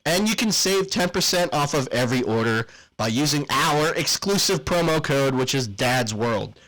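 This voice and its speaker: A man's voice: on the high side, lively intonation, normal speed, a bit bright, low-quality recording. Playful male podcast host with a goofy read. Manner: playful, jokey, rambling with fillers. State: out of breath. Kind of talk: casual podcast chat and ad read.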